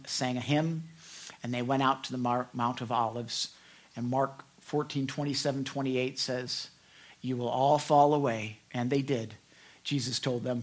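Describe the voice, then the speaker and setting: A man preaching a sermon, reading scripture emphatically with quick asides. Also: mid-range voice. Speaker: pastor.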